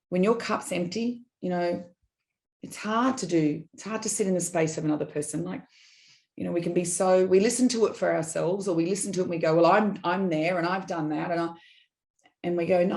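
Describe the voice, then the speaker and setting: A middle-aged woman, a podcast guest, telling personal stories in an animated, digressive way and acting out quoted dialogue. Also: on the low side. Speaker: guest, business consultant. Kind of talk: candid personal storytelling in a podcast interview.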